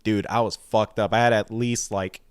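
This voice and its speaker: A man's voice: fairly low pitch, flat delivery, moderate pace, smooth, no echo, clean studio sound. A young man co-hosting a podcast, telling a drunken story in a rambling, profane way with lots of fillers. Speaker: podcast co-host. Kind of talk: casual storytelling.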